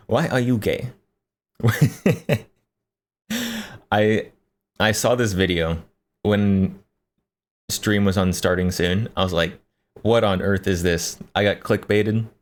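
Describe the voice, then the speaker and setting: A man's voice: fairly low pitch, slow, pauses often. A man streaming live, reacting to a video and chatting jokingly with his viewers. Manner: joking, laughs often, talks to chat. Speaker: livestreamer. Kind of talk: casual reaction stream chat.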